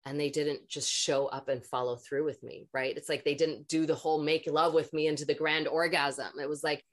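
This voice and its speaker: A woman's voice: deep voice, steady tone, normal speed. A woman, an energy healer and podcast guest, telling a long personal story in a frank, rambling way and swearing freely.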